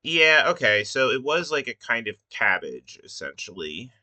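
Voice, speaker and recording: A man thinking aloud while he builds a word puzzle, muttering with many pauses and fillers. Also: mid-range voice, sing-song, sharp tone, no room sound. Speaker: puzzle maker. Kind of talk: casual think-aloud commentary.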